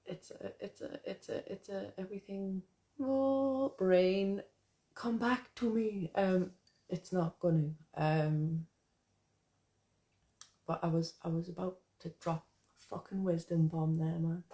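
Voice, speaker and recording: A woman's voice: fairly low pitch, level tone, a little slow, mellow. A woman poet chatting casually to her viewers, rambling and swearing, then reading her own poem aloud. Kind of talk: casual live chat and poetry reading.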